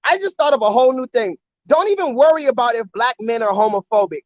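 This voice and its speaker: A man's voice: very high-pitched, fast talker, no echo, rough recording. A man hosting a live stream while walking around, talking on a phone and repeatedly urging viewers to comment in the chat. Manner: animated, repetitive, keeps urging viewers to comment. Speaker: livestreamer.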